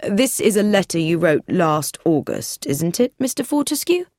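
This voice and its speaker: A woman voicing a calm, probing police inspector who questions in a measured, persistent way. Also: on the low side, dry recording, clean studio sound.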